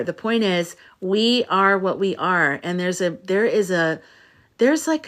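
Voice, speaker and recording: Animated, rambling woman livestreaming. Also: medium pitch. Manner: animated, rambling, playful and swearing. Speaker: livestream host, spiritual coach. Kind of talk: casual livestream chat to viewers.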